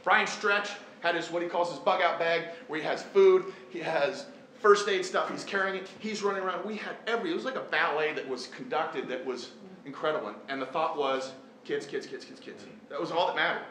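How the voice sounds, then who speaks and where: A man's voice: a little high, a little fast, fairly bright tone. Earnest man telling a story in a hall. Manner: earnest, storytelling, self-deprecating jokes. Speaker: teacher and event speaker. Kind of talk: personal story told to a live audience. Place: large echoey hall. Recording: echoey hall, faint room noise.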